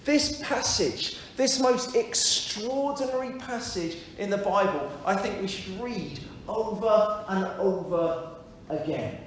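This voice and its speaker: Slow high-voiced preacher in an echoey church. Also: male voice, lively intonation, a little hiss or hum. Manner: reflective, repeats key phrases, addresses listeners directly. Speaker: minister leading a church service. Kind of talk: sermon.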